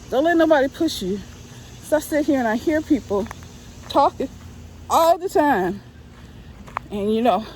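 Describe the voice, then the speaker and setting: A woman's voice: sits high, darkish tone. A middle-aged woman, out of breath, giving a casual, encouraging vlog as she walks outdoors on a residential street, repeating her points with a preachy insistence. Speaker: vlogger. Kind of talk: casual motivational vlog while walking. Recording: faint street noise outdoors.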